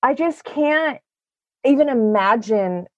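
A woman's voice: sits high, lively intonation, slow pace, no room sound, dull audio. A young woman hosting a casual podcast chat, bubbly and laughing often, trailing off mid-sentence. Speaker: podcast host.

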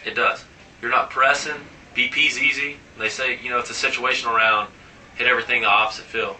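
A man's voice: medium pitch, fairly even intonation, brisk, sharp tone, far from the mic, slight background noise, low-quality recording. A man, a professional baseball player, telling stories in a casual interview and animatedly acting out the dialogue in his anecdotes.

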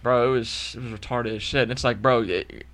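A young man telling a story in a casual chat, animated and profane, acting out both sides of the dialogue. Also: mid-range voice, brisk, slight background noise. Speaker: podcast co-host.

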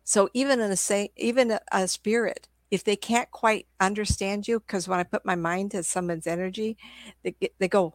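In a steady, mid-range voice at a fairly quick clip, an older woman with a sore throat rambles through casual stories, restarting often. She appears as a psychic medium guest, and the audio is studio quality with no room sound.

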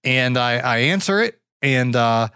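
A man's voice: medium pitch, lively intonation, unhurried, sharp tone, clean tone, dry recording, studio quality. A man hosting a podcast, telling a story in a casual, reflective way, full of fillers and restarts. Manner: reflective, grateful. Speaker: podcast host.

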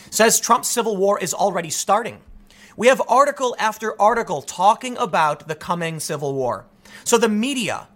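A man delivering solo political commentary, talking in rapid bursts with frequent restarts. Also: high-pitched. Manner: animated, rapid-fire talk with frequent restarts.

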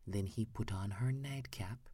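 A woman narrates a bedtime fairy tale in a soft, hushed whisper. Her voice sits low and dark and moves very slowly, with a husky edge. The sound is close and dry. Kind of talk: whispered bedtime story reading.

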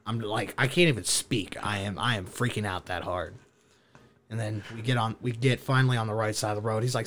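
A young man telling a wild story casually, animated, laughing and swearing as he goes. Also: lowish voice, normal speed.

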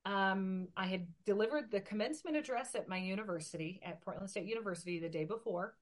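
Woman in her 40s spinning a long animated story, mid pitch, chatty interview. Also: fast. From Oregon, USA. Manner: lively, animated storytelling with quoted voices. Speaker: interview guest.

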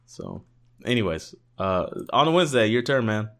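A man's voice: fairly low pitch, big pitch swings, normal speed. A man co-hosting a podcast, rambling and joking in a casual chat with lots of fillers, sounding tired. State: tired, yawning. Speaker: podcast co-host.

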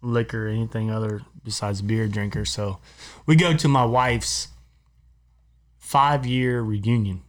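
A man's voice: fairly low pitch, steady tone, a little slow. A man co-hosting a podcast in a studio, telling a long casual story among friends, rambling, repeating himself and laughing as he goes. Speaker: podcast co-host.

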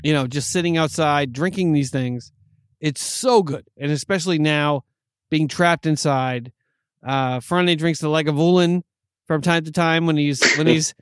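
A man's voice: on the high side, normal speed, clear, resonant tone, dry recording, clean studio sound. A man co-hosting a podcast, chatting enthusiastically and rambling with restarts while tasting drinks. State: hiccuping. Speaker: podcast co-host. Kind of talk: casual chat.

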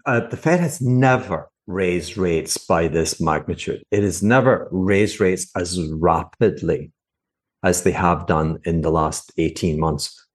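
A man's voice: low voice, takes it slowly. A middle-aged man and former fund manager giving cranky, mocking commentary on a TV interview he is watching. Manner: mocking, cranky, animated asides. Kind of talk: sarcastic reaction commentary.

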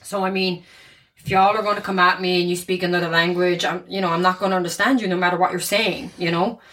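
A woman co-hosting a podcast, telling a history story in a chatty, giggly, animated way. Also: fairly low pitch, fast talker. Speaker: podcast co-host. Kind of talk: casual storytelling chat.

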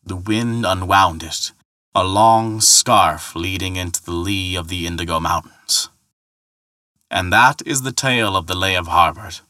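Give me a man narrating a myth in a measured way, with a bright, dry sound. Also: sits low, no echo. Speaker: storyteller. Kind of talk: scripted narration.

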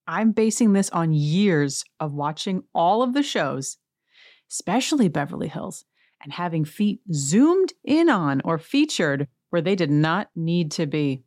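Woman podcast host with a lowish voice, gossipy and wry, dry close recording. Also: sing-song, measured pace, a little mellow, no room sound. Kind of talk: casual reality-TV recap.

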